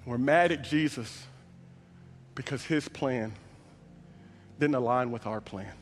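A man's voice: medium pitch, slow pace, slight background noise. A male pastor telling a Bible story in a sermon with dramatic storytelling, speaking in a large church auditorium. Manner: dramatic storytelling, acts out voices. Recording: long reverb of a large hall with soft music.

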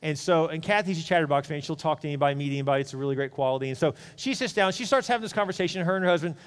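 A man's voice: a little high, rapid-fire, smooth, big-room sound. A man preaching a sermon, telling a candid personal story in a chatty, conversational way, with asides to the congregation. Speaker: pastor. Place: church.

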